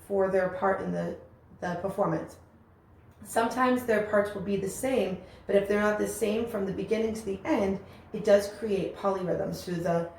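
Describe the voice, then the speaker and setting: A woman with a medium-pitched, darkish voice teaches a music lesson, explaining rhythms and chanting rhythm syllables with encouragement. The room is very echoey, with faint ambient noise.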